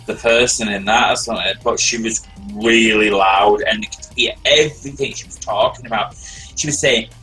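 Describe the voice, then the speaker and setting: A man's voice: on the low side, moderate pace, low-quality recording. A man, hosting a stream and rambling through a long story in casual chat. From Britain. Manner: rambling and animated, repeats words while telling a story. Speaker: stream host. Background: faint background music.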